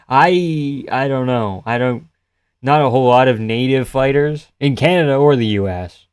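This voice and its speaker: A man hosting a live fight-reaction stream, chatting loosely and profanely with his viewers and often trailing off quietly. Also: mid-range voice, normal speed, clean tone, dry recording, studio quality. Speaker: live-stream host reading chat.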